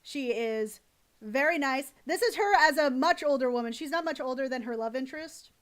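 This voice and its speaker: Young woman streamer, high bright voice, rambling and gushing, swears freely. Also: animated, normal speed. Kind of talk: casual live-stream chat.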